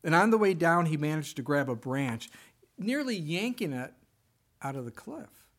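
A man's voice: on the high side, very animated, moderate pace, a bit bright. Earnest male pastor preaching. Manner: earnest, emphatic preaching with rhetorical questions. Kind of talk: sermon.

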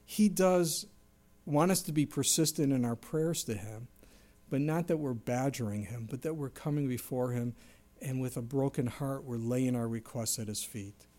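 Preaching at a moderate pace, the middle-aged pastor stays animated, voicing quoted characters with sharp, sudden changes in pitch and volume.

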